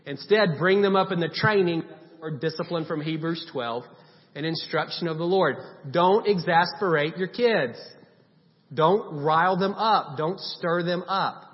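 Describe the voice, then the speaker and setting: A man's voice: on the high side, a little slow. A man preaching a sermon in a conversational way, stressing points by repeating short commands. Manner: conversational preaching with emphatic repetition. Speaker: pastor. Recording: long hall reverb, dull sound.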